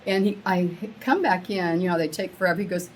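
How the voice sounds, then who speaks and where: A middle-aged woman telling a rambling, excitable story to a small live group, acting out the quotes with big jumps in her voice. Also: lowish voice, fairly quick, a little hiss or hum, poor audio. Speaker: meetup attendee sharing a story. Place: women's meetup gathering, audience laughing.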